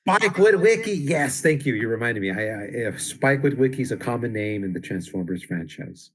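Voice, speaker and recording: A man's voice: fairly low pitch, normal speed. A man co-hosting a casual comic book discussion, laid-back, laughing often and trailing off into fillers. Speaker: podcast co-host.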